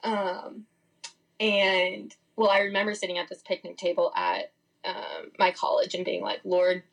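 Young adult woman, podcast guest, frank and meandering, mid-pitched voice with vocal fry. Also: fairly even intonation, measured pace, poor audio. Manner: candid, rambling, frequent "like" fillers. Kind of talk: casual testimony.

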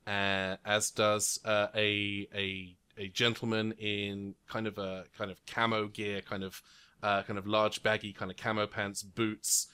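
A man's voice: on the low side, little pitch movement, measured pace, pushed and bright, clean tone. A man narrating as game master in a tabletop role-playing game, rambling descriptions full of fillers. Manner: rambling with many fillers, voices figures briefly. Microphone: remote recording.

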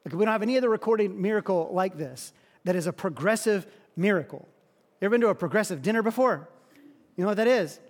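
A male pastor preaching a sermon, telling the story in an animated way and often repeating words. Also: high-pitched, fast talker. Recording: long hall reverb.

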